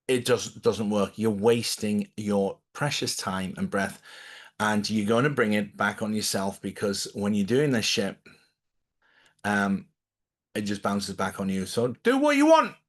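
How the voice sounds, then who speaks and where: A man's voice: mid-range voice, fairly bright tone. A man hosting a live stream, talking casually to camera in a defiant, rambling way with sudden emphatic rises. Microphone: camera mic.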